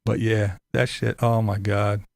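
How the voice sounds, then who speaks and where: A man's voice: lowish voice, level tone, unhurried, vocal fry, a little mellow, dry recording. A man hosting a casual commentary show. He talks to his chat, swears freely and breaks into laughs often. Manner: profane, laughs often, incredulous.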